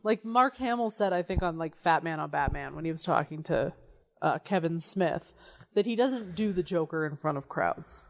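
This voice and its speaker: A woman's voice: low-pitched, expressive, moderate pace, creaky. A woman co-hosting a casual podcast chat, talking frankly and emphatically and swearing freely. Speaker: podcast co-host.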